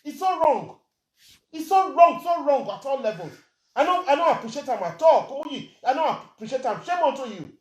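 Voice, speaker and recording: A woman's voice: sits high, very animated, brisk, darkish tone, reverberant. A Nigerian woman ranting indignantly in a vlog, firing rhetorical questions and slipping between Pidgin and plain English. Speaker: social media commentator. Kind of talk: angry vlog rant.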